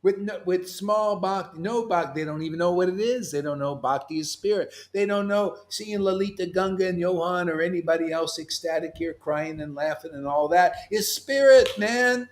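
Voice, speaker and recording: A man giving an animated sermon as a spiritual teacher, loud and mocking, yelling at times and breaking into laughter. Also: sits high, normal speed, few pauses.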